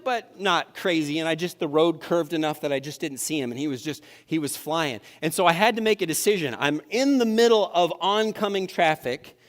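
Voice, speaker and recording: A man preaching to his congregation with a slightly high voice and a relaxed, self-deprecating storytelling manner. The sound carries a long church-hall reverb. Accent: Upper Midwest American. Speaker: pastor. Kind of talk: sermon. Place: church sanctuary.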